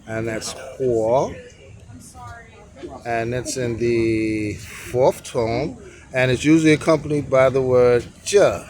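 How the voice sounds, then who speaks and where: A man's voice: mid-range voice, fairly even intonation, unhurried, darkish tone. A man running a sidewalk tea stand, casually teaching characters in a rambling vlog and counting strokes aloud. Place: outdoor sidewalk stand by a street.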